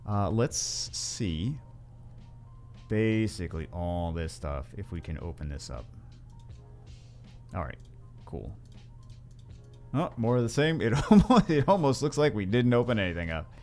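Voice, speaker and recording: A man's voice: fairly low pitch, big pitch swings, measured pace, long pauses, a little mellow, soft background music. A man hosting a gaming video, rambling through casual gameplay commentary with wry asides and frequent self-corrections.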